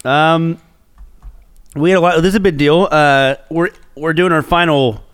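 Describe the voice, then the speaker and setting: A man's voice: a little high, fairly even intonation, a little slow, a bit bright, clean tone, no echo, clean studio sound. A man co-hosting a podcast in casual banter, blunt and profane, teasing his partner. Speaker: podcast co-host.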